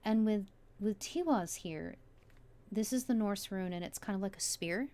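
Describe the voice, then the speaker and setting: A woman's voice: mid-range voice, normal speed, heavy background noise. A woman giving a casual tarot reading, musing aloud with many fillers as she turns the cards. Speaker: tarot reader.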